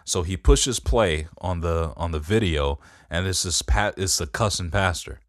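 A man's voice: low-pitched, normal speed, dry recording, studio quality. A man hosting a podcast, rambling through a casual story and swearing freely. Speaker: podcast host. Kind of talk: casual chat.

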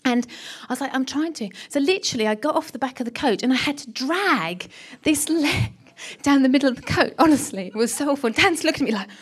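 Lady preacher, kinda high voice, animated sermon storytelling, goes quiet and whispery to make a point. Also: fast, husky. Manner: animated, storytelling, dropping to a hushed whisper for emphasis.

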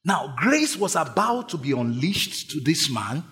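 A male pastor delivering a sermon, calling out to the congregation and urging them to shout back. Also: a little high, sing-song, a little slow. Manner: call-and-response preaching, urging the congregation to shout. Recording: long hall reverb.

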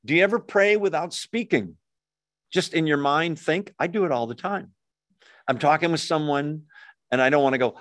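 A male pastor works through a scripture passage in a relaxed, conversational way. He asks his listeners questions and acts out short prayers in quick, everyday phrasing. His voice sits a little high for a man, and the recording is dry and close. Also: no room sound. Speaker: pastor teaching a Bible study. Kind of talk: conversational sermon teaching.

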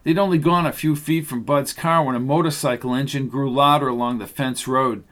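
Male narrator, mid pitch, steady even storytelling read. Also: a little fast. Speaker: audiobook narrator. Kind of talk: scripted narration.

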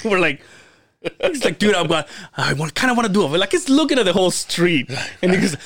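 A man co-hosting a podcast, telling stories in an animated, profane way and laughing often. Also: high-pitched, a little fast, no echo. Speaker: podcast co-host. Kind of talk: casual storytelling chat.

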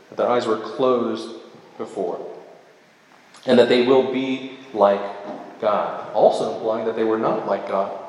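Man preaching in a booming, echoey hall. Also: darkish tone. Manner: reads verses aloud, then pauses to explain them line by line. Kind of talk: sermon, scripture exposition. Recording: very echoey hall with long reverb.

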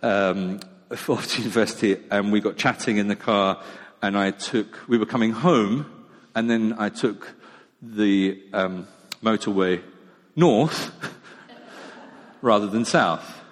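A man's voice: fairly low pitch, slow pace, long pauses. A middle-aged man, preaching a sermon in a chatty, self-mocking storytelling way. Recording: long echo of a large hall.

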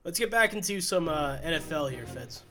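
A man's voice: fairly high pitch, expressive, fairly quick, music in the background. A man co-hosting a sports podcast in casual chat, rambling and restarting sentences, laughing easily. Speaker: podcast co-host.

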